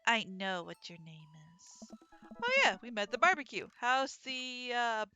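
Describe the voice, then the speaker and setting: A woman's voice: fairly high pitch, lively intonation, measured pace, pushed and bright, a little hiss or hum. A woman voicing a nervous, awkward dad as the player character, fumbling over lines in a self-conscious way.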